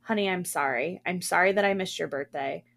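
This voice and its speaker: A woman's voice: lowish voice, fairly quick, creaky, a bit bright. A woman voicing a desperate mother who pleads tearfully through a door in a spoken horror story. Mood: pleading. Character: desperate pleading mother, female, middle-aged.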